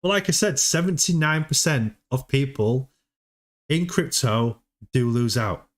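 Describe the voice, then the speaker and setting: A man's voice: medium pitch, unhurried. A man hosting a casual livestream, chatty, often repeating words and laughing as he talks. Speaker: livestream host.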